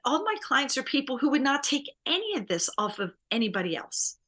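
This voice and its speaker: A woman divorce coach and private investigator in a conversational interview, animated and quick to laugh. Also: high-pitched. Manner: animated, laughs often, acts out client quotes.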